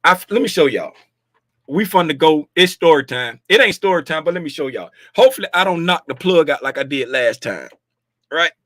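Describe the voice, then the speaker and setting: A man hosting a casual livestream about market futures, talking loudly and playfully, joking with viewers and slipping into sing-song bits, with a desk mic about a foot away. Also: on the high side, animated, brisk, no room sound, clean studio sound. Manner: playful, chatty, jokes with viewers. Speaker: host reviewing market futures.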